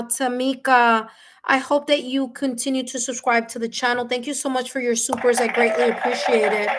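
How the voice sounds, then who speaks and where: A woman reading tarot live for her viewers, talking warmly and emotionally, with many fillers and restarts. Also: on the high side, background noise. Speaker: tarot reader and medium. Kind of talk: live-stream reading, casual chat with viewers.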